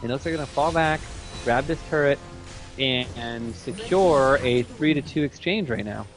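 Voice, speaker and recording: A man giving steady play-by-play commentary on a competitive video game match. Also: medium pitch, faint music behind. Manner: rapid, steady play-by-play calling. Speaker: esports commentator.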